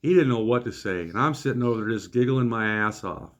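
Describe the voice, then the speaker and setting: A man's voice: mid-range voice, lively intonation, brisk, fairly bright tone. A middle-aged man from Iowa, telling a comic anecdote in a folksy, wry way. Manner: folksy, wry, acts out voices of others. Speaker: storyteller. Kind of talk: comedic anecdote storytelling.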